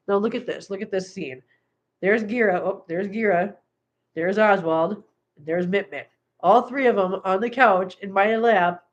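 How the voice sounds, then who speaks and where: Casting note: woman vlogger, chatty live-stream host on a couch at home, talks to her cats. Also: dull audio. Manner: chatty, coos at her cats in a high baby voice. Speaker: cat channel host. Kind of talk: casual live-stream chat.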